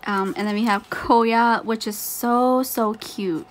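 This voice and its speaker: A woman vlogger chatting casually through an unboxing, gushing and excitable with frequent laughs. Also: on the high side, slow pace, slight background noise.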